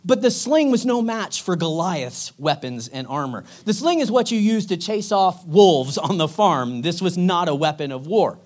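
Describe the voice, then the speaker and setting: A man preaching in a lively storytelling way, energetic and slangy. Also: sits high, moderate pace, hardly any pauses.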